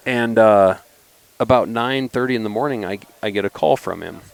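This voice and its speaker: Lower-pitched man telling stories casually. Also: moderate pace, gravelly. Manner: animated, acts out quoted voices when telling stories. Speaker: knife company founder, podcast guest. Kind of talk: casual storytelling chat.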